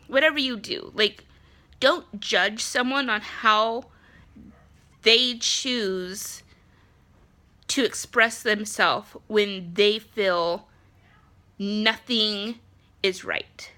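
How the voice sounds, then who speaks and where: Bright-voiced nasal woman venting. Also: medium pitch, extremely slow, long pauses. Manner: frustrated, blunt, swears, many ums. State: congested, nasal. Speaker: vlogger, spouse of an ill partner. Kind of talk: casual venting monologue.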